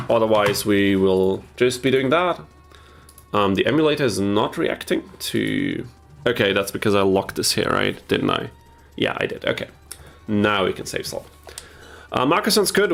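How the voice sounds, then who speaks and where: A young man with a medium-pitched, slightly bright voice chats casually on a live game stream through a headset mic. He reads and answers chat messages while he plays.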